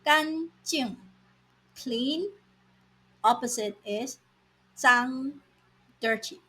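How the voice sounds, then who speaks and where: A woman teaches vocabulary in a slow, deliberate lesson voice and repeats each word for learners. Her voice sits a little high and has a soft, breathy edge. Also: rough recording. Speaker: language teacher. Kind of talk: scripted lesson narration.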